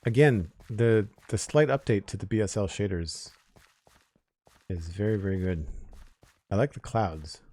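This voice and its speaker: Deep-voiced man chatting on stream. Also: unhurried, long pauses. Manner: relaxed, chatty, reads out chat names and thanks followers. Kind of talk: casual live-stream chat.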